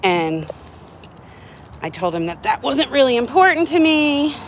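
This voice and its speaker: Outdoors in city heat, this streamer narrates a story in a chatty, winded way, voicing others' lines herself. Her high, sing-song voice moves a little slowly, and the poor audio has slight background noise.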